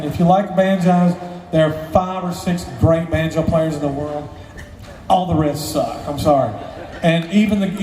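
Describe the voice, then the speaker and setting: Man spinning a crude, rambling yarn, slightly high voice, echoey hall from far off. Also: warm tone. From Southern US. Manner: rambling, profane, joking asides. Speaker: storyteller, luthier. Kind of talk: casual live storytelling. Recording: echoey hall, distant mic, faint ambience.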